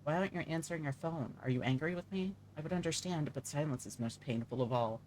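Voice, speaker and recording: A man's voice: on the high side, fast talker, a little hiss or hum, natural voice. A man reading out the texts of a grieving middle-aged mother, in a pleading, anxious voice. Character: grieving middle-aged mother texting her daughter's friend.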